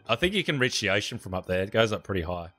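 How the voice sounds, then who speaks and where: A man's voice: fairly low pitch, big pitch swings, very fast, sharp tone, faint music behind. Laughing, swearing Australian man gaming. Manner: joking, swearing freely, laughs a lot. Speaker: host and streamer. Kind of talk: casual gaming chat with viewers.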